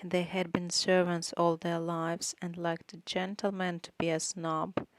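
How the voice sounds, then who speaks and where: A woman reading a novel aloud in a measured, even way. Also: fairly low pitch, dry recording. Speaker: audiobook reader. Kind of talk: audiobook narration.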